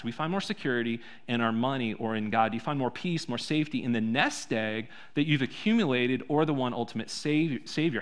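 A man preaching a sermon in a church, conversational, full of rhetorical questions, swinging between soft and loud. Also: fairly high pitch. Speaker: pastor.

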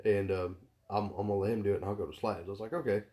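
A man's voice: on the low side, fairly even intonation, rapid-fire, warm tone. A young man telling a rambling, profanity-heavy story about his factory job in casual chat, acting out the people he quotes. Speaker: podcast co-host.

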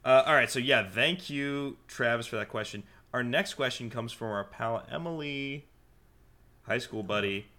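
A man's voice: mid-range voice, normal speed, bright, forceful tone. A man hosting a faith podcast, chatting earnestly with jokey asides and reading out listener questions. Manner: earnest and chatty, joking asides, lots of "like" and "I mean". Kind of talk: casual podcast chat.

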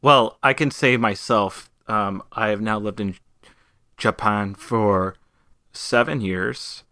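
A man hosts a comedy interview in a bright, forceful voice that sits on the low side. He keeps stumbling over his eager questions and apologizing. The recording is dry and close. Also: slow, no room sound.

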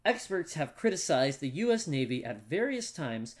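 A man in a loose podcast chat, reading trivia aloud and breaking into laughter between tangents. His voice sits a little high, and he circles back on his words with plenty of "like.". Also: big pitch swings, moderate pace. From United States. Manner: laughs often, talks in restarts with lots of "like". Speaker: podcast co-host reading movie facts. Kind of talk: casual chat.

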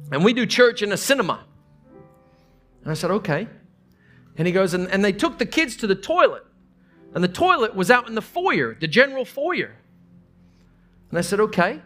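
Earnest high-voiced male pastor. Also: pushed and bright. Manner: earnest storytelling with many restarts and quoted dialogue. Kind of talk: sermon.

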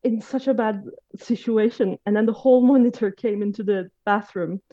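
A woman's voice: mid-range voice, moderate pace, dark tone. A woman in her late twenties telling a personal story in casual conversation, hesitant, with many fillers and restarts. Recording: dull lo-fi recording.

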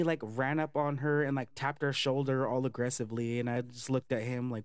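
A man telling a casual, profane story for a vlog, chatty and animated with lots of fillers. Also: mid-range voice, brisk, hardly any pauses, dry recording. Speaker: vlogger.

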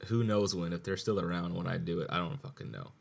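A man's voice: low voice, big pitch swings, quick pace, vocal fry. A tipsy man hosting his own podcast, rambling in a profane solo rant that keeps repeating itself. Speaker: podcast host.

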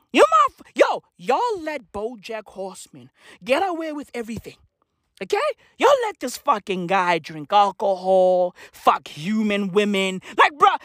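Super animated high voice ranting nonstop, yells then mumbles, dry sound. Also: dry recording. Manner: manic, profane, swings between shouting and muttering. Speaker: comedian. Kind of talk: comedic rant.

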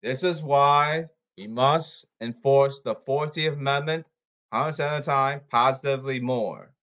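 A man hosting a solo podcast, talking in a rambling, repetitive and emphatic way with halting stop-start phrases. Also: medium pitch, fairly bright tone. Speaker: podcast host.

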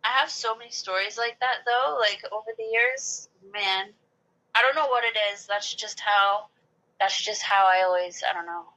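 Her mid-range voice moves at normal speed with a sharp tone, and the recording has its highs cut off. This woman, late 20s or older, chats casually through a long personal story, constantly saying "like" and acting out other people's words.

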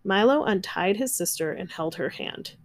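A woman reading a children's picture book aloud, gentle and expressive. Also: mid-range voice, normal speed, no echo, clean studio sound. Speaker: narrator. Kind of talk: children's storybook read-aloud.

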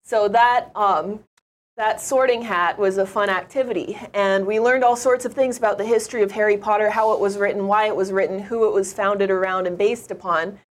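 A woman's voice: mid-range voice, fairly even intonation, brisk. A woman guest on an interview show, chatting through her travel stories in an upbeat, rambling way. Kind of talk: conversational travel storytelling.

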